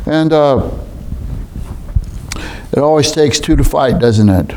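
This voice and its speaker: Man, middle-aged, sermon, folksy and conversational, slow delivery, rhetorical questions. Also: medium pitch, lively intonation, mellow, slight background noise. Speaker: preacher.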